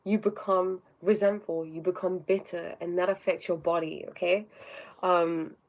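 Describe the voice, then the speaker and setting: A woman's voice: fairly low pitch, fairly even intonation, moderate pace. Female livestream host, spiritual talk, casual and chatty, tags lines with "okay?", greets viewers. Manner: often tags sentences with "okay?"; reads viewer comments aloud and greets them.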